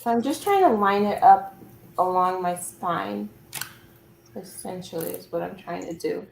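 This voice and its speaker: A cheerful woman chats through a crafting demo on a casual livestream. She talks with plenty of fillers and asides, at an ordinary pitch. Her voice sounds roomy, with a faint hiss behind it. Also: a little slow, gravelly, darkish tone. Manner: chatty, cheerful, lots of fillers.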